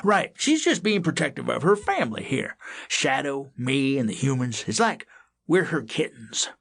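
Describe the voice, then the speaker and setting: A man's voice: medium pitch, very animated, moderate pace, creaky, fairly bright tone, pitched above the performer's own voice, exaggerated voice. A man voicing a chatty, forgetful old male house cat who rambles and repeats himself in a children's audiobook.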